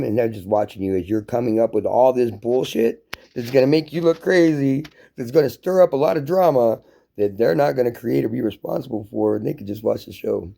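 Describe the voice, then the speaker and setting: A man's voice: medium pitch, brisk, vocal fry, warm tone. A man giving a heated, profane monologue rant to camera as a vlogger, telling it like a story.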